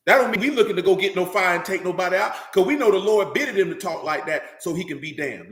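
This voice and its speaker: A man's voice: sits high, expressive, quick pace, few pauses, reverberant. A man preaching a fiery, confrontational sermon in heavy street slang.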